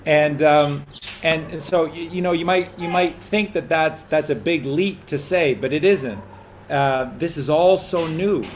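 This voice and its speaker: A man's voice: on the high side, a little slow, slight background noise. Guy rambling on a q and a show, keeps restarting his words. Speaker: co-host. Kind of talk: casual call-in chat.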